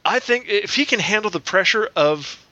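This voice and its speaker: A man's voice: high voice, animated, moderate pace, bright, forceful tone, dry recording, highs cut off. A man in casual podcast chat, working through numbers aloud and double-checking himself.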